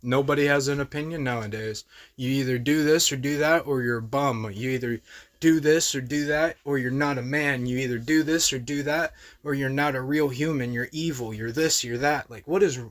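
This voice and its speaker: A man's voice: mid-range voice, moderate pace. A young man hosting a reaction video, talking in heated, profane, exasperated casual commentary.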